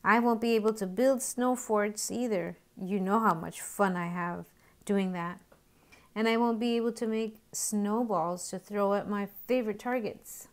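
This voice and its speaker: A woman's voice: medium pitch, measured pace, lightly acted. A woman doing a grumbling storybook rabbit. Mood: complaining. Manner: grumbling, complaining. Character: grumpy rabbit who dislikes spring.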